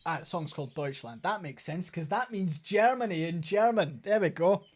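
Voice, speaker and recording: A man's voice: on the high side, lively intonation, normal speed, few pauses. A man with a Scottish accent, chatting casually and rambling while streaming a game, swearing now and then. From Scotland. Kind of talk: casual game let's play commentary.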